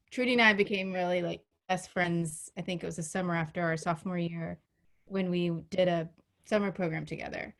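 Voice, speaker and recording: A woman in her fifties gives a birthday toast over a video call, her voice choked up with emotion. She talks haltingly, with many ums and restarts. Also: lowish voice, fairly bright tone. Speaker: friend giving a birthday toast.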